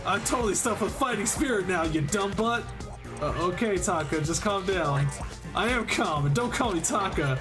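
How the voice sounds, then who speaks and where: A man voicing a rigid young male hall monitor in an emphatic, shouty way over game music. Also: high voice, lively intonation, normal speed, pitched above the performer's own voice. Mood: fired up.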